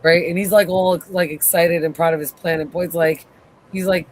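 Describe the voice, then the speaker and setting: A co-host giving a casual recap of a show episode, acting out the characters' lines as they go. The retelling is animated and quick. A faint noise floor sits under the voice. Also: medium pitch. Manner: animated retelling, acts out quotes. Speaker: podcast co-host.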